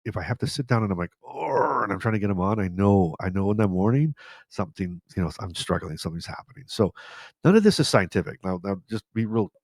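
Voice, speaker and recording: Low-voiced man giving rambling advice. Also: fast, darkish tone, no echo. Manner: rambling, repeats himself for emphasis. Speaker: podcast host. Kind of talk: casual advice monologue.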